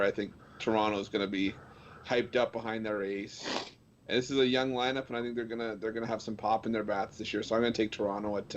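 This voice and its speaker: A low-voiced man confidently lays out his betting picks on a panel. His remote audio sounds dull and lo-fi, with a faint hiss behind it. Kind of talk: casual sports betting chat.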